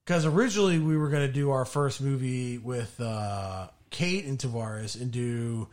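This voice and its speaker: A man co-hosting a casual podcast from his home studio, chatting in a relaxed, conversational way. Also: mid-range voice, normal speed. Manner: relaxed, conversational, wraps up the show. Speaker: podcast co-host. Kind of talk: casual chat.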